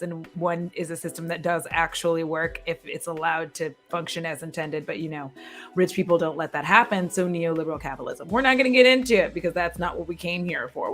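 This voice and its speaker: Chatty woman beauty creator. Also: fairly low pitch. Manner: chatty, frank, swears and laughs often. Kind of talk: casual livestream chat.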